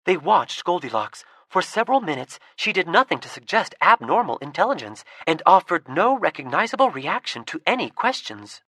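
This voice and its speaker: A woman narrating a fantasy audiobook with a lively, expressive reading. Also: fairly low pitch, normal speed, hardly any pauses, husky, no room sound, clean studio sound. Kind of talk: storybook narration.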